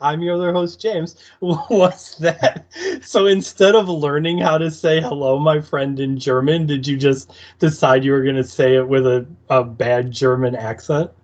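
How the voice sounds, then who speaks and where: A man's voice: a little high, steady tone, measured pace. A man co-hosting a casual podcast, wry and teasing, often laughing. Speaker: podcast co-host. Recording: slightly dull lo-fi audio.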